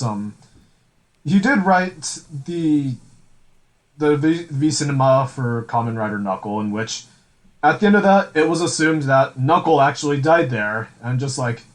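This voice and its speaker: A man's voice: on the high side, low-quality recording. A man co-hosting a podcast, rambling through a casual chat with many fillers and restarts. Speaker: podcast co-host.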